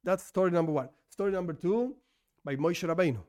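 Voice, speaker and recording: A man with a high voice teaches an informal Torah lesson. His first language is not English, and he talks in a loose, conversational way. He restarts his sentences and keeps posing questions only to answer them himself. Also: brisk, darkish tone. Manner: conversational, self-correcting, asks and answers his own questions.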